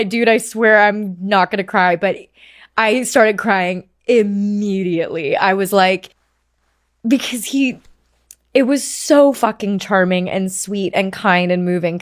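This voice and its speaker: A young woman in her twenties, a podcast guest, telling a story in a lively, animated way and swearing freely in casual chat. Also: mid-range voice, a little slow, no echo, clean studio sound. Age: 20s.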